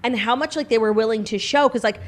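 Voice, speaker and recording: A woman's voice: fairly high pitch, fast talker. Playful chatty woman co-host. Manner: playful, chatty, slips into a mock British prince voice. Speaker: podcast co-host. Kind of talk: casual chat with comic royal impressions.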